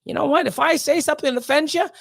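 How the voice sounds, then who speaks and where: High-voiced woman in a cursing rant. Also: rapid-fire, creaky. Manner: swears constantly, stammers and restarts when worked up. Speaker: streamer answering chat. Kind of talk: heated casual rant.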